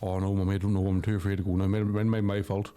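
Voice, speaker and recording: A man's voice: low-pitched, flat delivery, racing, warm tone, clean tone, voice pushed down, lightly acted. A man doing a whiny Belfast student boy. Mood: fearful. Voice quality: whiny, childish. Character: timid young male student whining to his mammy.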